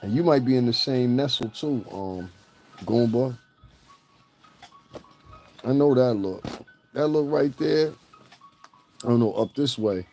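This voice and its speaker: Male gossip vlogger with a mellow voice, mocking and ranting, laughs at his own jokes. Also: medium pitch, unhurried, long pauses, soft background music. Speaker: celebrity gossip commentator. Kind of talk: profane ranting commentary.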